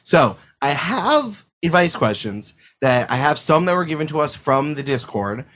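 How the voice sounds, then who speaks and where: A man's voice: on the high side, big pitch swings, normal speed, a bit bright. A man hosting a podcast in casual chat, rambling and joking, swearing freely as he sets up the episode. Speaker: podcast host. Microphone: remote call microphone.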